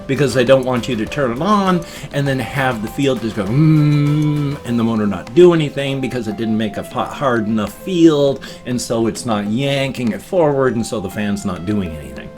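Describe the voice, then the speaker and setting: A man's voice: medium pitch, lively intonation, fairly quick, few pauses, a little mellow, soft background music. A tired man in his fifties rambling through a casual vlog, explaining things at length with restarts. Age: 50s. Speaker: vlogger.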